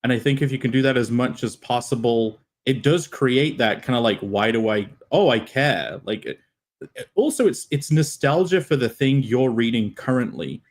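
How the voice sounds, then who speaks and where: A man, a comic creator, chatting casually on a stream in an excitable, rambling way. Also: mid-range voice, normal speed.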